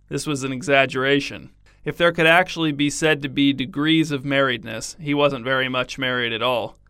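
Bright, smooth-voiced male storyteller. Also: mid-range voice, steady tone, fairly quick, no echo, studio quality. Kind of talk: scripted bedtime story narration.

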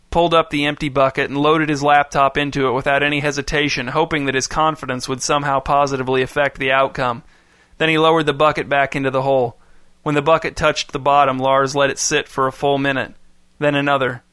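A male narrator reading a story in steady, even scripted narration. His voice is bright and slightly high, and the read is close and dry with no room around it. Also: smooth, no room sound.

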